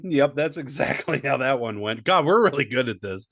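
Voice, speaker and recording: A man's voice: medium pitch, expressive, moderate pace, fairly bright tone, dry recording, studio quality. A man co-hosting a comedy podcast, trading wry comebacks and laughing. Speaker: podcast co-host. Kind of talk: improvised comedy bit.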